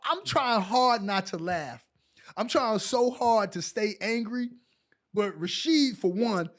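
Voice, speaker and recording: A man in his forties from New York, a guest on a podcast, telling animated stories full of "like" and "so". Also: extremely high pitch. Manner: lively anecdotes packed with "like" and "so". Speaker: guest, former pro basketball player. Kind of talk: animated storytelling in a podcast chat.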